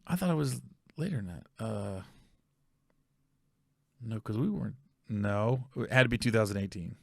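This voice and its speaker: A man's voice: fairly low pitch, lively intonation, moderate pace, gravelly, no room sound, clean studio sound. A male podcast host telling a casual, rambling story, often stopping to correct himself and check facts aloud.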